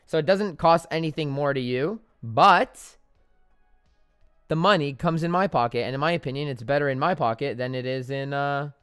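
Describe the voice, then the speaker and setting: A man's voice: fairly high pitch, clear, resonant tone, no room sound, clean studio sound. A young man chatting casually on a live trading stream, joking and making fun of himself as he goes. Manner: chatty, joking, self-deprecating.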